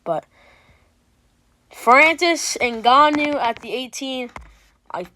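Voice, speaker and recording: Woman host, high voice, casual rambling reaction commentary with frequent restarts and swearing. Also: expressive, drawn-out words, sharp tone, slight background noise.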